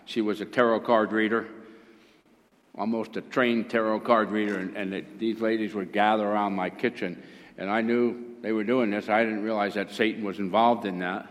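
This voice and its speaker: Fervent older preacher in an echoing hall. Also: male voice, lowish voice, fairly even intonation, normal speed. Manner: fervent, rising to emphatic exclamations. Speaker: pastor. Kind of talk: sermon. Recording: long hall reverb.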